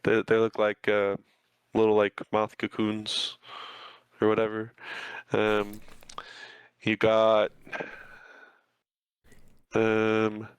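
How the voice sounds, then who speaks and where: A man's voice: lowish voice, completely flat delivery, drawn-out words, long pauses, clear, resonant tone, dry recording. A man running a tabletop game as game master, describing scenes loosely with many fillers. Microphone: streaming mic, close and dry.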